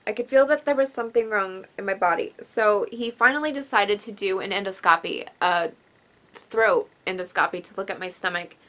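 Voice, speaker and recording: A woman's voice: mid-range voice, a little fast, sharp tone. A young woman vlogger telling a personal story in a rambling, emotional way, sighing and apologizing, tearful at times.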